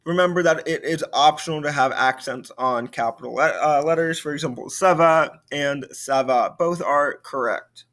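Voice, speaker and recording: A young adult man, a French teacher, giving a recorded video lesson in a relaxed way with many fillers and restarts. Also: fairly high pitch, normal speed, hardly any pauses.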